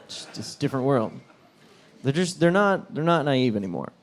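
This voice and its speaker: A man from New Jersey doing a brash, profane stand-up set, jumping into loud, high impressions. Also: very animated, normal speed. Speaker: stand-up comedian. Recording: live club mic with audience noise. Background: audience laughter.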